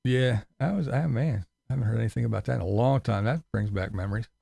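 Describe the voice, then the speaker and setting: A man's voice: medium pitch, quick pace, gravelly, dark tone, no echo. A man ranting profanely on a casual live stream, sarcastic and mocking. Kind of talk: casual livestream rant.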